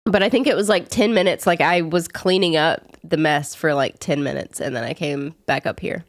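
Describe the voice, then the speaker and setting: A woman's voice: low voice, moderate pace, no room sound, studio quality. A young woman with a Southern US accent, chatting casually with viewers on a live stream in a rambling way while sick. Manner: chatty, rambling with frequent "like" fillers. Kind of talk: casual chat answering viewers.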